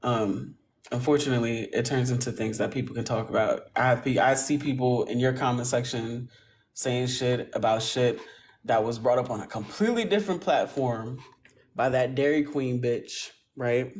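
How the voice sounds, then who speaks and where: A man joining a live stream argument, talking haltingly with pauses and restarts. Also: medium pitch, a little hiss or hum. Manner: halting and hesitant, full of restarts. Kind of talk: heated livestream argument. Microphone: phone on a live stream.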